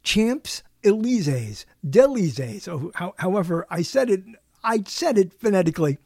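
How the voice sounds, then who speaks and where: A man's voice: high-pitched, expressive, brisk, vocal fry, a little mellow, no echo, studio quality. An older man hosting a radio show, telling a wandering story in a solo monologue, chuckling and correcting himself as he goes, his nose stuffy from a cold. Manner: chuckling often, self-correcting, wandering anecdote.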